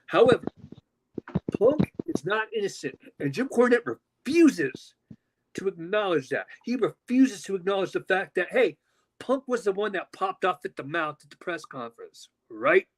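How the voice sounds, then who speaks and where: A man co-hosting a podcast from home, ranting loudly and angrily with a lot of swearing. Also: high voice, normal speed, poor audio. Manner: loud, profane, animated ranting. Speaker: podcast co-host. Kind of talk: heated podcast rant. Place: at home with his dog.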